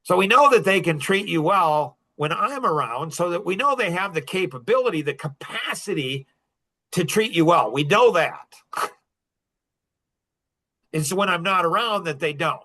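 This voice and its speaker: A middle-aged man hosting a podcast, telling a personal story to a small group in an animated way, chuckling often between points. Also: high-pitched, moderate pace. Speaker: podcast host.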